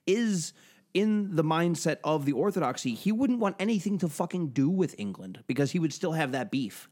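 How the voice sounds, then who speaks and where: A man's voice: on the high side, sing-song, moderate pace, a little mellow. A man co-hosting a podcast in casual chat, profane and joking, rambling with many restarts. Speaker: podcast co-host.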